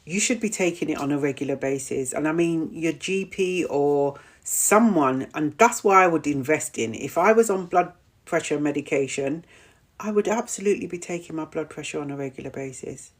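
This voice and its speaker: Woman, middle-aged, casual live-stream host, chatty, repetitive, somewhat low pitch. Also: normal speed. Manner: chatty, repeats her points, stumbles over words. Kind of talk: casual live-stream chat, reading out viewer comments.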